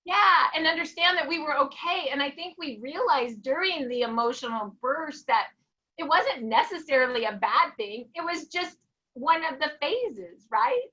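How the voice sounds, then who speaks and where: A woman in casual conversation, telling stories in a lively, animated way. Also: high-pitched, moderate pace, dull audio. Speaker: co-host promoting a product.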